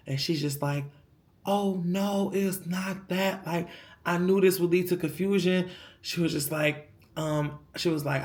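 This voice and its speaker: A young man, telling a long storytime on his vlog in a casual, animated way, acting out what people said. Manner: animated storytelling, acts out quotes, swings from low mumble to high excited bursts. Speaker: vlogger.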